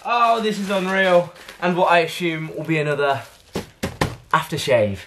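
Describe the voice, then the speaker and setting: A gushing, excitable young man, talking casually at home for his fitness vlog. His voice sits a little higher than most men's, and he rattles along in an eager, chatty way. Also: normal speed, background noise. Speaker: fitness vlogger. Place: at home indoors.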